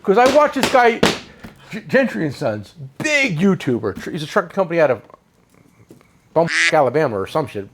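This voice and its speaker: A New man rambles and jokes about himself while hosting a tool shop chat. His voice sits high and swings widely in pitch. The recording carries clear shop noise. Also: very animated, moderate pace. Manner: rambling, joking, self-mocking. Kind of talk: casual chat.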